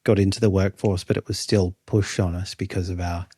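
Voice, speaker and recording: A man's voice: low-pitched, little pitch movement, a little fast, dark tone, husky, no echo, studio quality. An Australian man in his thirties, co-hosting a podcast in casual chat and musing aloud with many restarts. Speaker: podcast co-host.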